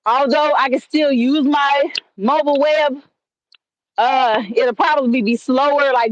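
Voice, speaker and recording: Slow-talking high-voiced woman streaming live. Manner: rambling and conversational, with many fillers and restarts. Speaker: livestream host. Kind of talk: casual storytelling on a livestream. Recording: dull lo-fi stream audio.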